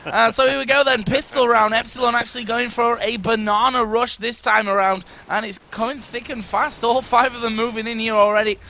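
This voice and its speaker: A man calling live esports play-by-play, excitable in the action and jokey in the asides. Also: very high voice, brisk, hardly any pauses. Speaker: esports caster.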